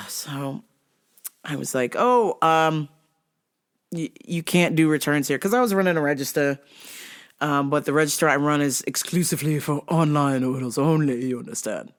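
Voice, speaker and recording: A woman's voice: sits low, moderate pace. Woman host, casual storyteller, profane, laughs often. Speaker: vlog host.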